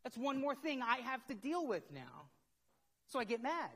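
A man's voice: very high voice, sing-song, normal speed, fairly bright tone, husky. A middle-aged man, preaching a conversational sermon as a pastor, asking himself questions and repeating words as he builds up. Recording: long hall reverb.

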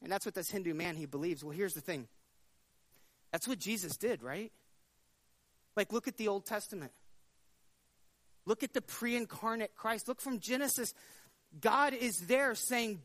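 A man's voice: high voice, lively intonation, normal speed, long pauses, a bit bright. A man preaching a sermon in a conversational way, often repeating words as he talks and acting out the voices in his story.

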